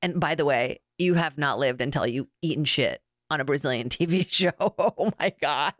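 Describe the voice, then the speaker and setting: A woman's voice: low voice, a little fast, dry recording, studio quality. A young woman guest comedian chatting casually, telling stories animatedly with lots of fillers and acted-out quotes. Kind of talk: casual chat.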